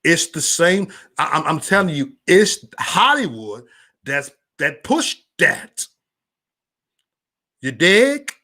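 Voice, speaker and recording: A man ranting on a casual livestream, loud and profane, stammering and restarting, talking straight to viewers by name. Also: a little high. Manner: chats directly with viewers by name. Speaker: livestream vlogger.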